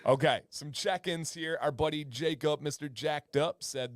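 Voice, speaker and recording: A man's voice: on the high side, normal speed, vocal fry, few pauses, dry recording, studio quality. Chatty man co-hosting a livestream. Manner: chatty, reads out viewer comments. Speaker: livestream co-host. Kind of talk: casual chat.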